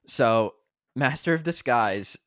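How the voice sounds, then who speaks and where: A man's voice: mid-range voice, animated, takes it slowly, dry recording, clean studio sound. A young man in his twenties co-hosting a podcast, telling stories in a rambling way, with lots of fillers and frequent laughs. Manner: rambling storyteller, heavy on fillers, laughs often. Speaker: podcast co-host. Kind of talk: casual chat.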